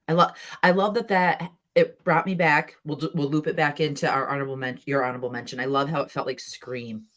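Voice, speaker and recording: A woman with a low-pitched voice hosts a casual podcast chat. She talks eagerly, filling her sentences with "like" and bursting into quick laughs. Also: fairly even intonation, a bit bright. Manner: enthusiastic, chatty, with frequent "like" and laughs. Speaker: podcast host.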